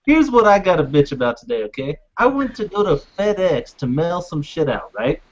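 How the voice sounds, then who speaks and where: A man's voice: a little high, big pitch swings, normal speed. A man hosting a casual podcast, ranting with exasperation and frequent swearing. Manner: profane, exasperated storytelling. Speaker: podcast host. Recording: dull lo-fi podcast audio.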